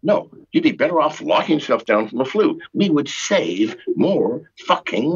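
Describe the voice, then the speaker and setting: A man's voice: a little high, very animated, normal speed, creaky, few pauses, breathy edge. An older man as a podcast guest, ranting in a profane, exasperated way with sarcastic jokes over a muffled remote line. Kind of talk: ranting call-in interview.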